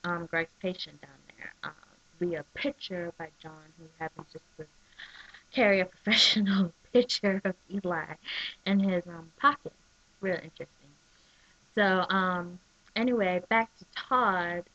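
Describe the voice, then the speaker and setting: A woman in casual chat, talking excitably with lots of "like" and "um" as she recaps a soap episode on her webcam. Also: on the low side, unhurried, dry recording. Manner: chatty and excitable, full of "like" and "um". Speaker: soap opera recap vlogger. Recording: dull lo-fi webcam audio.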